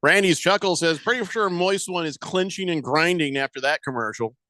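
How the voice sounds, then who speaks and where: Bright-voiced joking radio host, a man. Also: a little high, brisk, no room sound. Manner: joking, reads listener texts aloud. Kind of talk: casual on-air banter. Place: radio studio. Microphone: studio microphone.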